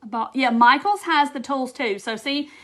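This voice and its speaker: This woman's voice is a touch high and fairly bright as she talks to viewers during a casual craft live stream. Her manner is chatty and bubbly, loose and peppered with frequent fillers like "um" and little quoted asides.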